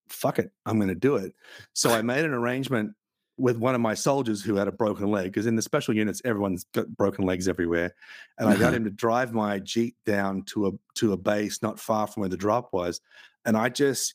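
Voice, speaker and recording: A man's voice: on the low side, fast talker, no room sound, studio quality. A man hosting a podcast, telling vivid anecdotes in casual chat with some swearing. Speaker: podcast host.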